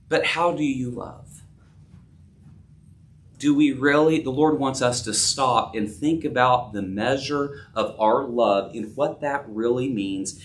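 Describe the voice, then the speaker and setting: Earnest preacher man, bright and distant. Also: measured pace, slight background noise. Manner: earnest, acts out dialogue with rising pitch. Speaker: pastor. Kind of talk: sermon. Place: church sanctuary. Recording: distant from the mic.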